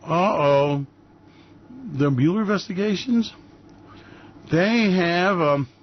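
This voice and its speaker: A brash New man hosts a radio show, his voice sitting a touch high. He rants in a mocking tone with loud bursts, and the audio is dull and lo-fi. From New York. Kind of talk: ranting commentary.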